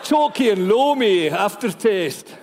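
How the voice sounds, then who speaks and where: A man's voice: high-pitched, lively intonation, measured pace, a little mellow, some chatter behind, a little hiss or hum. A man putting on a fussy Scottish whiskey taster. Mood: savoring. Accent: put-on Scottish. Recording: long reverb of a church hall.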